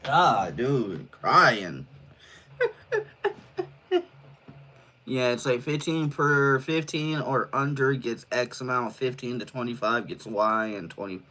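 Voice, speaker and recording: A man's voice: mid-range voice, measured pace, few pauses, pushed and bright. A man live streaming from his room in casual chat, laid-back and rambling, swearing freely and short of breath. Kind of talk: casual solo livestream chat. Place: his own room, indoors.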